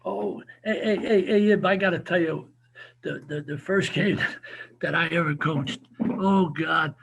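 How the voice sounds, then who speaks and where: A man, telling animated stories as an interview guest and often repeating his words. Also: on the high side, measured pace, creaky, noisy background. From New Jersey. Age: 70s. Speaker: guest, former football coach. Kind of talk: casual storytelling interview.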